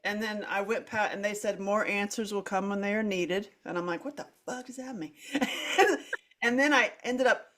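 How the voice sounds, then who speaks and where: Woman, middle-aged, podcast host, candid storytelling, animated, filler-heavy, laughing. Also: medium pitch, moderate pace. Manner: animated, dramatic swings in loudness, acts out her own quoted lines; frequent "like" fillers and restarts, laughs through speech.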